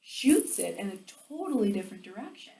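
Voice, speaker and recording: A woman giving a motivational sales training talk, chatty and animated, full of "like"s and acted-out quotes. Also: mid-range voice, fairly quick, vocal fry. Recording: roomy echo, distant mic, faint ambience.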